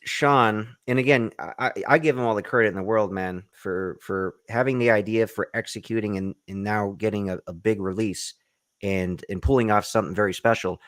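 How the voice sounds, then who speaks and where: A man's voice: fairly low pitch, fairly quick, a bit bright, no room sound, studio quality. A man hosting a casual video-call interview, eager and enthusiastic about the films. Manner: eager, enthusiastic fan of the genre. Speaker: host.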